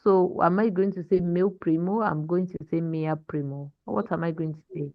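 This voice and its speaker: A woman's voice: lowish voice, steady tone, normal speed, dry recording, lo-fi sound. A woman teaching a language class online, patiently explaining and modeling pronunciation for her students.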